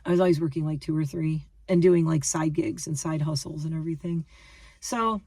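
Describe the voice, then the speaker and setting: Low-voiced and fairly quick, with a dark, slightly rough tone, a woman in her fifties rambles casually to camera for her viewers. She's a lifestyle vlogger who speaks emphatically, repeats herself and often restarts; there's no room sound, though she's far from the mic.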